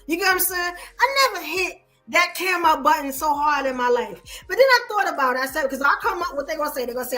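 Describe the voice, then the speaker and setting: A woman's voice: high voice, fast, few pauses. A woman from Brooklyn with a New York accent, emphatically telling stories on a casual podcast. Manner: animated, emphatic storytelling. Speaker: podcast co-host.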